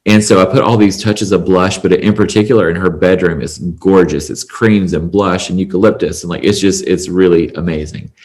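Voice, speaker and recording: A man with a very deep voice tells a long personal story as a podcast guest. He speaks earnestly and emotionally, with plenty of ums and likes. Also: steady tone, a little fast, hardly any pauses, a little mellow. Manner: earnest, emotional, chatty with fillers. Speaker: podcast guest, salon owner. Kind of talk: conversational storytelling.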